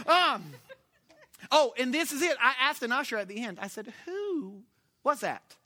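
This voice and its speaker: Male preacher, animated sermon storyteller, bright and lively pitch, dry close sound. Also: measured pace, no room sound. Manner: animated storytelling, swings from loud to hushed.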